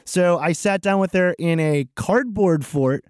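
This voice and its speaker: A man's voice: high voice, unhurried, a little mellow, smooth, dry recording, clean studio sound. A man co-hosting a podcast, telling stories about himself in a wry, self-mocking way. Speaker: podcast co-host. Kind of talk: casual podcast chat.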